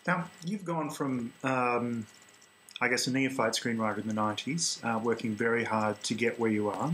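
A man puts long questions to a guest, with a voice in an ordinary middle pitch. He hesitates often and winds around before reaching his point. Faint background noise runs beneath him. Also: steady tone, normal speed, a bit bright, poor audio. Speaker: interviewer. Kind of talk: audience or host question.

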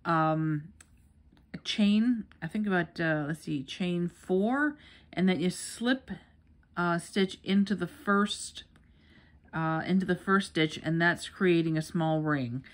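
A middle-aged New York woman teaches crochet in a casual tutorial, speaking slowly in a lowish voice. She rambles and chats, full of fillers and restarts.

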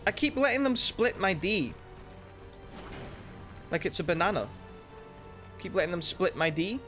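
A man giving let's play commentary, swearing and shouting frustrated outbursts at the game. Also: high voice, lively intonation, a little slow, faint music behind. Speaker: gaming YouTuber.

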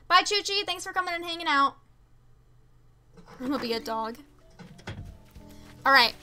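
A woman's voice: very high voice, lively intonation, normal speed, pauses often, sharp tone, soft background music. A young woman streaming a game, chatting casually with viewers, reading chat aloud and making exasperated asides. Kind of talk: casual live-stream chat while gaming.

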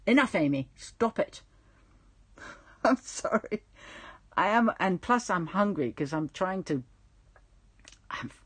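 A woman's voice: lowish voice, breathy edge. A woman chatting casually with viewers on a livestream, rambling, self-mocking and reading out their comments. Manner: reads out chat comments.

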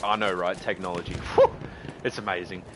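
Aussie guy streaming a shooter, chatty and jumpy, guns going off loud in the background. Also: sits low, fairly quick. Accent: Australian. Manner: excitable, chatty, swings from loud outbursts to muttering. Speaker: gaming streamer. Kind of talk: live gameplay commentary. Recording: gunfire and battle noise behind.

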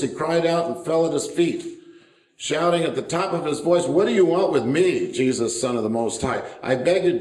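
A man's voice: medium pitch, darkish tone, reverberant, poor audio. A man preaching a sermon as pastor, in an easygoing, conversational way with asides and fillers. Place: church.

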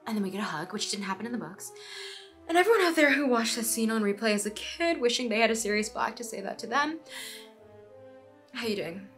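A young woman hosting a scripted video essay, animated and playful, with quick asides to the viewer. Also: a little high, soft background music.

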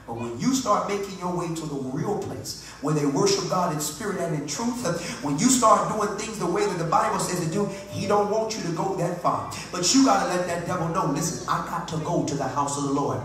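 A man preaching a fervent Pentecostal sermon that swings from low talk to loud cries, calling on the congregation to answer him. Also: recorded from a distance. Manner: calls on the congregation to respond. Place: church sanctuary. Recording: echoey church hall with faint music.

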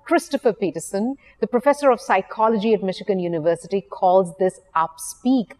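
Woman storytelling coach, measured and explanatory, mid-pitched, long reverb around her. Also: a little mellow. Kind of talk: short weekly video talk.

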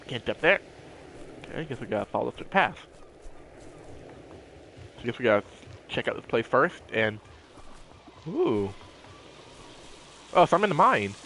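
A man's voice: fairly high pitch, fairly bright tone, slight background noise. A man giving casual let's-play commentary, playful and jokey, talking to himself as he explores. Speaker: gameplay commentator.

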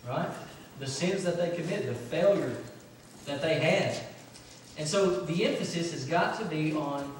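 Conversational preacher in a very echoey church. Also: male voice, fairly high pitch, measured pace, far from the mic, a little hiss or hum. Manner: conversational preaching with fillers and personal stories. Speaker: pastor. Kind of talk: sermon. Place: church sanctuary.

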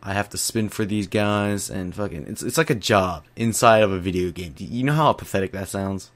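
A man's voice: deep voice, brisk. A young man delivering a profanity-filled, exaggerated comedic rant as a YouTuber.

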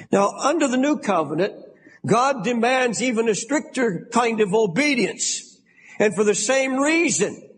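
Give me an emphatic older American male pastor delivering a sermon in a large church with long reverb. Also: very high-pitched. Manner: emphatic preaching, shouts for stress.

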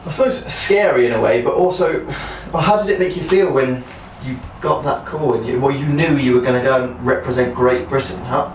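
A man conducts a documentary interview, probing with questions he reworks as he speaks. His pitch is middling. He sounds distant, caught in an echoey room with faint noise behind him. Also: brisk, hardly any pauses. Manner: probing, rephrases questions as he goes.

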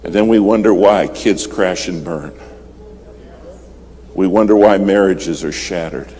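Deep-voiced preacher telling a dramatic story. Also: male voice, measured pace. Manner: dramatic, swings from urgent and loud to hushed. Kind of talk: storytelling sermon. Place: church service.

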